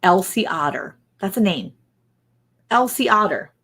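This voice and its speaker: A woman's voice: mid-range voice, expressive, unhurried, a bit bright, husky. A woman hosting a casual livestream, quizzing her co-host and reading viewer comments aloud. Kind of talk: casual chat, running a guessing game.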